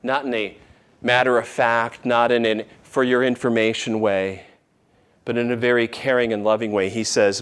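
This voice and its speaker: A man pastor preaching a sermon, shifting between raised emphasis and tender, hushed near-whispers in a church. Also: medium pitch, level tone, moderate pace, clear, resonant tone.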